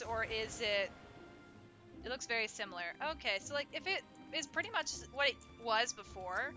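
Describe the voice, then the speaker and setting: Giggly young woman streaming a game. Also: a little high. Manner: giggly, chatty, playful. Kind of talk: casual live-stream chat. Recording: game music in the background.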